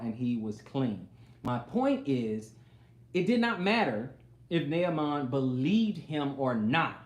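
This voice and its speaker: A man preaching a sermon, reading scripture aloud and then retelling it in everyday speech, sometimes acting out the people in the story. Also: a little high. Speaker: pastor. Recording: roomy echo.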